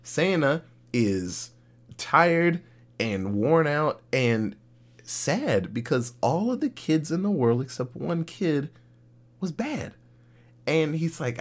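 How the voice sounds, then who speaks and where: Animated young man recapping a cartoon. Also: on the high side, slow. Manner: animated, profane plot retelling. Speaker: podcast co-host. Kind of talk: casual podcast chat recapping an episode.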